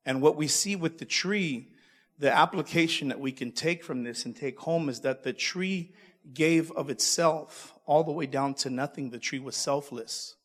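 A man's voice: a little high, normal speed, big-room sound. A male preacher delivering a sermon, calling out to the congregation and repeating himself as he goes. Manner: call-and-response, stumbling repeats.

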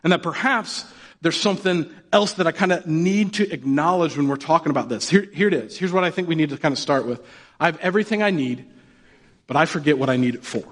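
A man preaching a sermon in a relaxed, conversational way, joking and putting questions to his listeners. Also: fairly high pitch, quick pace. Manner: casual and joking, asks the audience questions. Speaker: pastor.

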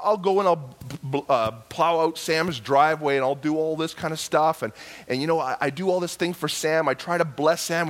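A man delivers a sermon as an informal story, restarting his sentences often. His voice sits a little high for a man, and the tone stays conversational. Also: fairly bright tone. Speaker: pastor.

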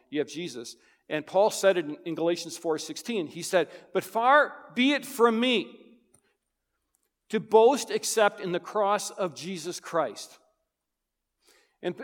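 A man preaching a sermon as pastor, emphatic, swinging between loud urgent lines and hushed ones. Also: a little high, in a large hall.

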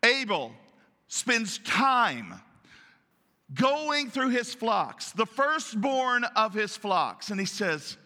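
A man preaching a sermon as pastor, in an animated, folksy way that acts out voices. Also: sits high, very slow. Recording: long church reverb.

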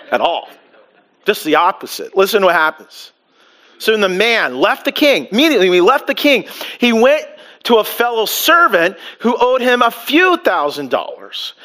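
With a high-pitched voice, this man preaches as a pastor, full of energy, throwing out rhetorical questions and playing the roles of the people he describes.

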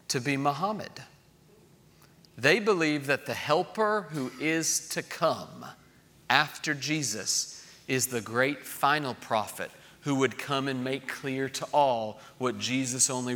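A middle-aged man preaching a sermon in a lively way, acting out voices of children he quotes. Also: mid-range voice. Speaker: pastor.

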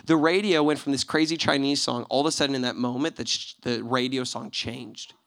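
A male pastor preaching, telling a personal story with lively acted-out dialogue that swings between loud excitement and hushed moments. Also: medium pitch, a little fast. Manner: animated storyteller acting out quoted voices, swinging from loud to hushed. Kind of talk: sermon storytelling.

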